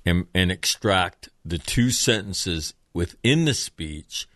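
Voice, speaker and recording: A man with a very deep voice hosts a podcast, asking questions and ribbing his guests in a measured, teasing way. His voice sounds dry and close, with no room around it. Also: lively intonation, a bit bright, no room sound. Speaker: podcast host. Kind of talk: casual chat.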